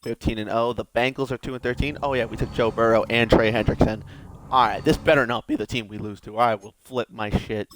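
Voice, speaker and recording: A young man chatting loosely over a sports video game, joking and rambling to himself as he plays. His commentary is casual and offhand, with a medium-pitched voice. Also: fairly even intonation, brisk, noisy background. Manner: joking, rambling self-talk. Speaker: gaming video host.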